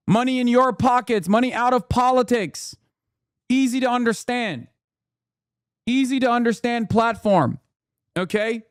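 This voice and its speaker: A man hosting a live stream, reacting to political clips with loud, profane, mocking commentary that swings into shouting. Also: extremely high pitch, smooth, no room sound, clean studio sound.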